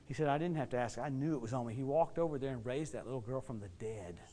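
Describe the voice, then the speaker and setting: A middle-aged American man preaching and telling stories, swinging between loud outbursts and hushed asides. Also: mid-range voice, fast. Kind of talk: sermon storytelling.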